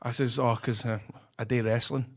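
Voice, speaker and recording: This Scottish man in his thirties co-hosts a podcast, chatting casually in a mid-range voice at a moderate pace with a level tone and some vocal fry. He tells stories, swears, teases and laughs.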